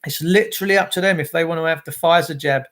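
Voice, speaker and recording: Man, livestream host, animated and ranting, a touch high-pitched. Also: fast. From England. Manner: animated, greets viewers by name, ranting. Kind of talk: casual livestream chat.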